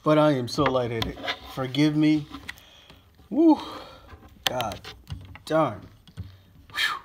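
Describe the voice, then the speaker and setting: A man's voice: mid-range voice, takes it slowly, background noise. A man vlogging to camera, out of breath and lightheaded, gushing and sighing between phrases. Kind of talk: casual talk to camera.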